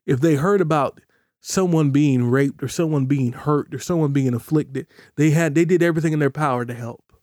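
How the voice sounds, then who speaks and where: Preacher guy, mellow low-ish tone, dry close mic, leans hard on his points and slows way down on verses. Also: dry recording. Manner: emphatic preaching, voices imagined questioners in a high pitch; slows down to stress scripture. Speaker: pastor. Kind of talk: podcast sermon.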